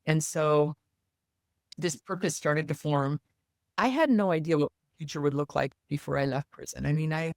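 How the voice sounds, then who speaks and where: A woman's voice: low voice, dry recording. Earnest woman telling her story, dry sound. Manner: earnest, animated retelling with quoted dialogue. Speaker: guest. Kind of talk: personal storytelling in an interview.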